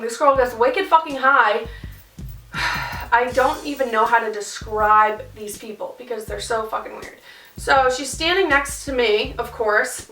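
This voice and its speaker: A young woman telling a casual storytime vlog, animated and full of swearing and fillers. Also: a little high, recorded from a distance. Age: young adult. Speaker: vlogger. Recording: roomy sound, off-mic.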